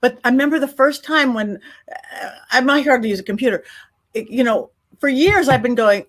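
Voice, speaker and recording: A woman guest on a podcast, telling a story in a lively, casual way and acting out her own quotes. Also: sits high, moderate pace. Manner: animated, acts out her own quotes, many restarts. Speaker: podcast guest, psychic medium.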